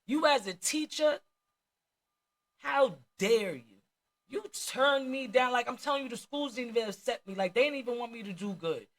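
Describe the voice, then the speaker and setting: A woman's voice: on the high side, expressive, moderate pace. A woman with a New Jersey accent telling her life story candidly, in blunt street slang with plenty of swearing.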